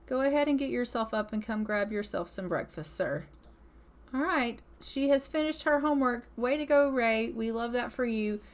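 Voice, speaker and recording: Brief: woman, slightly higher voice, chatty let's-play commentator, affectionate. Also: normal speed. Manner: chatty, affectionate, laughs often. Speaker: gameplay commentator.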